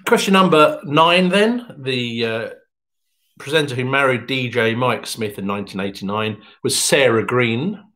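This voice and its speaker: Reading the answers at a measured pace, this man from England hosts an online pub quiz with a slightly bright voice. He keeps things chatty and full of jokes, and his pitch leaps up when he announces something.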